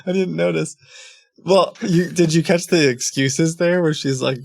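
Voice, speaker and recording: A man hosting a livestream, chatting casually with a guest and retelling calls in an animated way, quoting the voices of the people he talked to. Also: a little high, moderate pace, vocal fry, dry recording. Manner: animated storytelling with quoted voices. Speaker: livestream host.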